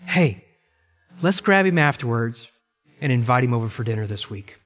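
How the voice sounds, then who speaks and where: A man's voice: mid-range voice, animated, moderate pace, fairly bright tone, pitched below the performer's own voice, natural voice. A preacher voicing an eager, friendly husband who stammers as he talks, heard with a long hall reverb.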